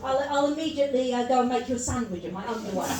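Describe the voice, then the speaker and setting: A woman doing a stand-up comedy set in a pub, chatty and self-mocking, with quick asides. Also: sits high. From Wales. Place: pub comedy gig with a live audience. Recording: roomy live mic from a distance, audience laughter.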